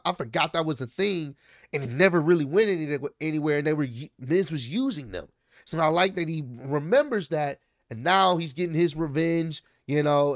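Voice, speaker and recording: A man in a casual, excited recap, loosely quoting people in slangy speech. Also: on the high side, dry recording, clean studio sound. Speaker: wrestling recap host. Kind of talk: casual chat.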